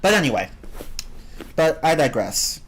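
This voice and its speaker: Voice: sing-song, measured pace. A game streamer in casual live-stream chat, rambling and opinionated, answering the chat. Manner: rambling and opinionated, with swings in pitch.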